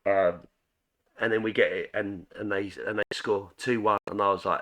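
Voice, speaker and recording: Low-voiced football fan. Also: male voice, a little fast, sharp tone. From England. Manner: rambling, full of restarts and fillers. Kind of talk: casual match review vlog.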